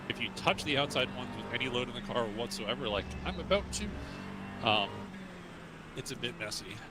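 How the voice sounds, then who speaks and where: A man's voice: medium pitch, moderate pace, heavy background noise. A man hosting a live sim racing stream, talking casually while he drives, with frequent ums and easy laughs. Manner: chatty, laughs easily, many ums. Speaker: host.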